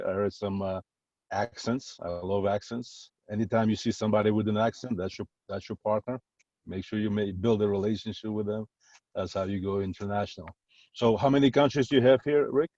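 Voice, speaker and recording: A man's voice: lowish voice, steady tone, a little fast, dark tone, no room sound. A middle-aged man from Uzbekistan, a guest on a video call, speaking plainly with slightly non-native phrasing. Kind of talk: casual talk on a call. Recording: dry, dull lo-fi call audio.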